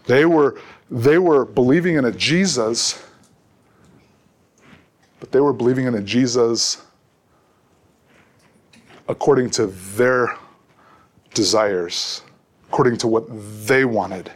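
A man's voice: mid-range voice, slow pace, pauses often. A middle-aged man preaching a sermon as a pastor, earnest and often repeating words as he restarts.

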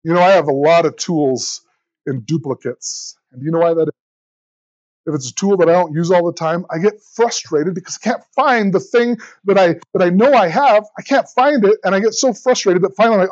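A male preacher with a high, lively voice tells the story with energy and voices the people in it. He often stumbles and repeats words as he goes. The recording is dry and a little dull. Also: fairly quick, dry recording. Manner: animated, repeats words, acts out quoted voices. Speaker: pastor. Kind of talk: sermon.

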